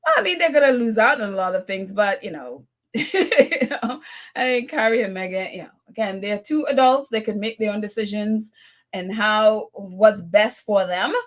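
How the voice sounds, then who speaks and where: A woman's voice: mid-range voice, moderate pace. A woman hosting a live stream in a casual, chatty way, laughing often and teasing as she talks. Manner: teasing, mocking tone. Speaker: live stream host reading viewer comments.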